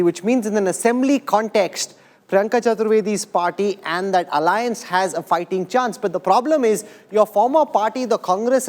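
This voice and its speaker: A news anchor, presenting live and asking brisk, pointed questions. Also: medium pitch.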